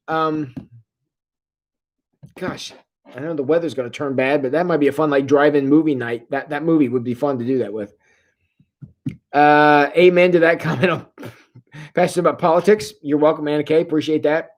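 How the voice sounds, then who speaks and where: A pastor giving a casual, joking livestream sermon and reading viewer comments aloud, often stopping and restarting mid-sentence. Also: mid-range voice. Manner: jokey, conversational, halting restarts. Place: church.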